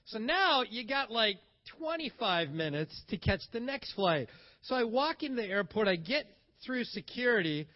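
A man telling a travel story in a casual, animated way, acting out the lines of the people he meets. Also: sits high, muffled recording. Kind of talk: casual spoken anecdote.

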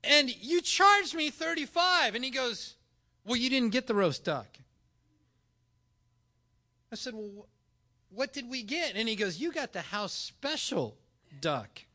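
Bright, high-voiced preacher man. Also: takes it slowly, long pauses. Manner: animated storytelling, acting out dialogue. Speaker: pastor. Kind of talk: sermon with personal story.

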